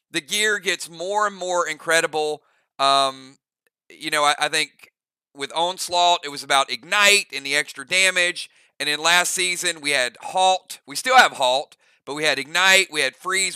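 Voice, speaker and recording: Bright, excited gaming channel host man. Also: a little high, clean tone, no echo. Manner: excited, laughs easily, many fillers and restarts. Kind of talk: casual chat.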